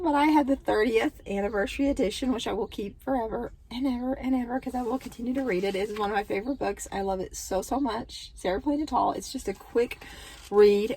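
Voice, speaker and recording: A woman, chatting casually about books she read and gushing over them with lots of filler words. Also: fairly high pitch. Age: 30s. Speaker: book vlogger and mother. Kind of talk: casual book review chat.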